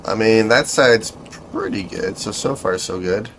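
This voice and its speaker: Low-voiced man narrating his gameplay. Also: lively intonation, a little slow, a bit bright, a little hiss or hum. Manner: thinking aloud, self-correcting, dryly sarcastic. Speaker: game streamer. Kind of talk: casual gameplay commentary.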